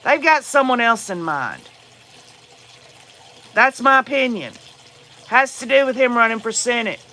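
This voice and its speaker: Speaking unhurriedly with lively intonation, this man's very high-pitched voice has a sharp tone and a little hiss or hum behind it. He hosts a casual livestream in a Southern US accent, replying to viewer comments in a rambling, opinionated manner with frequent fillers.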